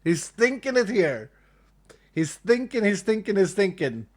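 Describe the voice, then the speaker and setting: A man with a Swedish accent talks casually to his live-stream chat, voice sitting a bit higher than most men. He chuckles often and circles back over the same phrases as he reacts. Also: sing-song, measured pace. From Sweden. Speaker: livestreamer.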